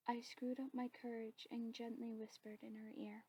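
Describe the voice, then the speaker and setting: A woman narrating her own story in a soft, steady whispered role-play. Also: on the high side, normal speed, slight background noise, poor audio.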